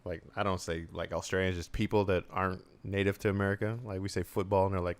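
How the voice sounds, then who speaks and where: A man from Minnesota with a Minnesota accent, hosting a casual stream chat, animated and teasing. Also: sits low, fast talker. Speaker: streamer host.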